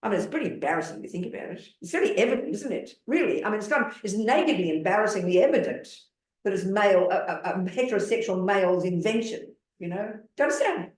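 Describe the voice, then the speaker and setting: A woman's voice: mid-range voice, animated, fast, a little mellow. A woman in her seventies, a Buddhist nun giving a dharma talk in a blunt, emphatic way, pressing her listeners with rhetorical questions. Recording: roomy hall sound.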